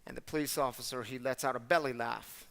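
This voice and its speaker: A man serving as guest storyteller, delivering a sermon-style story in an animated, conversational way and speaking directly to the audience. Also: medium pitch, fast talker, creaky, big-room sound.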